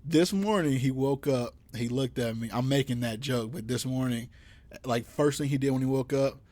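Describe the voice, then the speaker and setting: A man's voice: medium pitch, normal speed, mellow, no echo. Young guy rambling on a podcast, lots of restarts, kidding around. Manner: rambling, many restarts, teasing. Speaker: podcast co-host. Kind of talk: casual chat.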